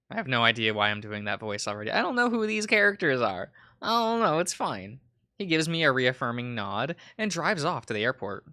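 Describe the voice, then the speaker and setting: Animated man streaming a visual novel. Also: medium pitch, a little fast, no room sound, studio quality. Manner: animated, chuckling asides. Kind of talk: let's play, reading a visual novel aloud.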